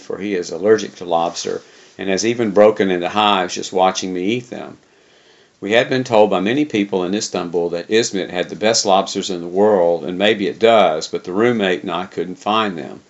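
Deep, gravelly man reading a memoir. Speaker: reader. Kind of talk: reading a travel memoir aloud. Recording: dull lo-fi recording.

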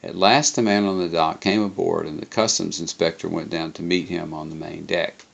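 A man reading a first-person travel memoir aloud, unhurried, with occasional slips and self-corrections. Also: low voice, little pitch movement, creaky, muffled recording.

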